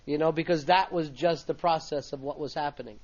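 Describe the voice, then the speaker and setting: A male radio host with a higher voice, easy and talkative as he trades club stories with his guest. He laughs along and asks long, winding questions. The sound is dull, like an old satellite radio broadcast. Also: fairly quick. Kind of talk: interview conversation. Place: radio studio.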